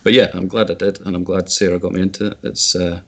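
A man's voice: low voice, little pitch movement, fast, husky. A man in his thirties, a guest on a video call chat, talking hesitantly and repeating words as he starts sentences.

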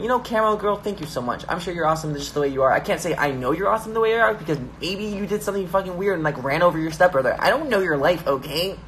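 A man's voice: high-pitched, expressive, fast talker, hardly any pauses, fairly bright tone, slight background noise. Hyper, joking young man on stream. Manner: hyper, joking, reads viewer comments aloud. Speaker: YouTuber hosting a live stream. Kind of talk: casual live-stream chat. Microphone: phone.

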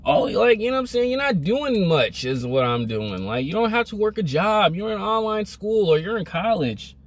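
A man's voice: sits high, sing-song, normal speed. A young man vlogging a motivational rant, emphatic, repetitive and scolding.

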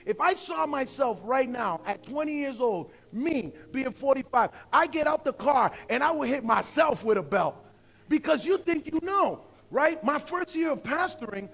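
A man in his forties preaching a sermon as pastor, conversational and emphatic, slowing down to stress points. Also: very high voice, vocal fry, a bit bright. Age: 40s.

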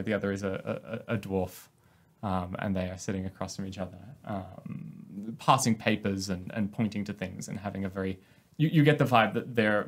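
A man narrating a tabletop heist game as game master, halting often with fillers and restarts. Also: fairly low pitch.

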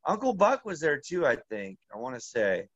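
A man telling a long, rambling story as an interview guest, halting and full of restarts. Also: a little high, huge pitch swings, fairly bright tone, no room sound, highs cut off. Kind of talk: casual storytelling.

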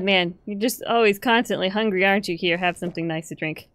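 A woman gamer giving playful let's play commentary, swearing now and then and breaking into excited squeals. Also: medium pitch, fairly quick, no room sound. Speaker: gamer playing a story game.

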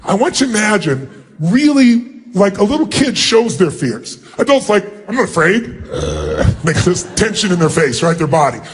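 A man leading a big seminar, loud and commanding, acting out quick little scenes for a large audience in an arena. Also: high-pitched, big pitch swings, breathy edge. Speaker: motivational speaker.

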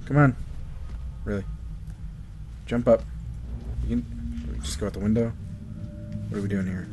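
A man's voice: lowish voice, normal speed, background noise. Exasperated young man swearing at a game. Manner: swears constantly, exasperated ranting. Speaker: let's play commentator. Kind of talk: frustrated gameplay commentary.

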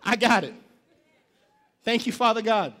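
A male pastor preaching a lively sermon in a church, shouting call-and-response lines and dropping slangy jokes and asides. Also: sits high, unhurried, a faint crowd. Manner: casual slangy asides and joking. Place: church sanctuary.

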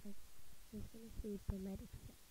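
A woman giving casual gameplay commentary, excitable and gushing, often repeating her exclamations. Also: mid-range voice, fairly quick, background noise. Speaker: gaming video creator.

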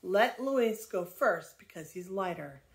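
A woman's voice: mid-range voice, lively intonation, slow pace. A grandmother playing a proud young farm boy. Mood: confident. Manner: firm, self-assured.

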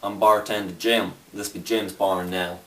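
A man's voice: lowish voice, flat delivery, measured pace, close to an everyday voice. A man putting on a drawling Southern bartender. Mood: folksy. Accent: put-on American Southern drawl. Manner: drawling, courtly, calls people sir and son. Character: folksy old-timey male Southern bartender. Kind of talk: amateur comedy sketch acting. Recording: roomy, distant camera mic, faint noise.

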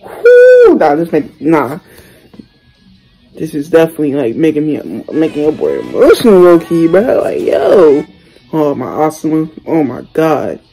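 A young man reacts out loud to a video he is watching, full of exclamations and slang. His voice sits fairly high and swings widely in pitch. Music plays faintly behind him. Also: very animated, a little slow, vocal fry, poor audio. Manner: exclamatory, slangy, keeps saying "bro". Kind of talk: casual reaction commentary.

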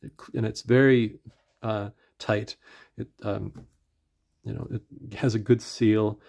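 A man's voice: on the low side, steady tone, slow pace, creaky, darkish tone. A middle-aged man with an Atlantic Canadian accent, reviewing a pen in a casual, rambling way full of fillers and restarts, sometimes drifting from the mic.

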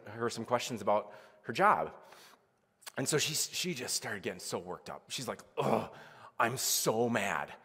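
A man preaches a relaxed, talky sermon. He peppers it with "like" and plays out little conversations. His voice rings through a church sanctuary with a long echo. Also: mid-range voice. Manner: casual, chatty preaching with many "like"s and acted-out quotes. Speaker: pastor.

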